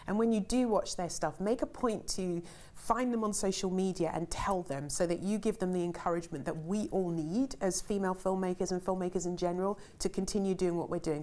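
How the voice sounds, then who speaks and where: A woman's voice: fairly low pitch, a little mellow. A middle-aged woman, a film director, reads interview questions aloud and answers them in a chatty, rambling way with lots of ums and easy laughter. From Ghana.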